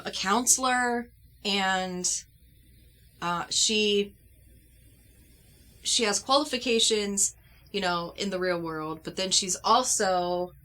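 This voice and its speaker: A woman doll-collector vlogger telling a personal story at home in an earnest, heartfelt way, pausing and restarting as she goes. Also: mid-range voice, sharp tone.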